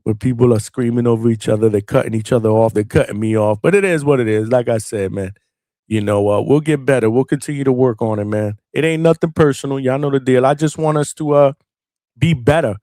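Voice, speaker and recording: A man's voice: medium pitch, brisk, warm tone, no echo, clean studio sound. A man hosting a late-night boxing call-in show, talking in a loose, slangy and profane way, with lots of "man" and "bro". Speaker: podcast host.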